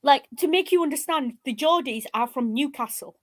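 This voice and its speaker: A woman, co-hosting a casual podcast chat in a blunt, animated, sweary way. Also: sits high, normal speed. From northern England. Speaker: podcast co-host.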